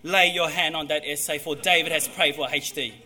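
A man's voice: on the high side, steady tone, brisk, sharp tone, a little hiss or hum, pitched below the performer's own voice. A man voicing a heavenly angel with a grand, theatrical manner of pronouncement. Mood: solemn. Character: solemn heavenly angel, proclaiming.

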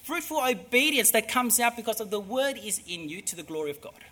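A man preaching a sermon, emphatic, moving between hushed and loud delivery. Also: sits high, sing-song, a little fast, slight background noise.

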